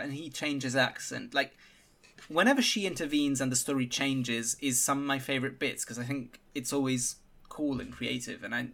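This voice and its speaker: A man talks through a film in a loose, animated way, with laughter breaking in. His voice is bright and forceful. His pitch sits in the middle for a man. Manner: animated, laughs while talking. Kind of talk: casual film discussion.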